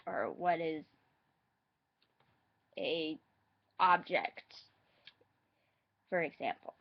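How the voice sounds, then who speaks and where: A woman vlogger reading facts aloud in a halting, hesitant way, adding her own asides. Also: sits low, expressive, gravelly, lo-fi sound.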